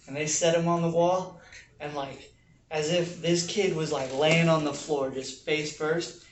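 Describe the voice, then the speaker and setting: Low-voiced woman in a roomy, noisy room. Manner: animated, lots of fillers, acts out yelled quotes. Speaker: storyteller. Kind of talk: casual group chat, storytelling. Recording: roomy distant mic with noise.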